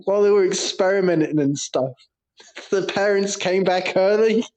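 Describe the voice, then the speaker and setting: A man's voice: sits high, normal speed, a little mellow. A man co-hosting a podcast, telling crude stories in casual banter and laughing often. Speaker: podcast co-host.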